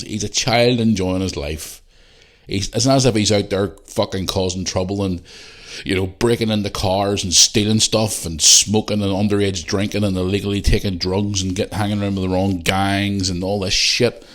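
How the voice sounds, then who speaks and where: Northern Irish man, very deep voice, sweary podcast host, rambling and heated. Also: lively intonation, a little fast. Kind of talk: casual monologue.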